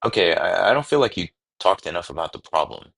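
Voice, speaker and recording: A man hosting a casual coding livestream, thinking aloud with sudden excited bursts. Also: deep voice, quick pace, vocal fry. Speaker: livestream host.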